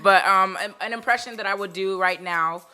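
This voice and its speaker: A young cast member of a sketch comedy show chatting casually in an interview, telling a story in a relaxed way. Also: male voice, high-pitched, a little fast. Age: young adult.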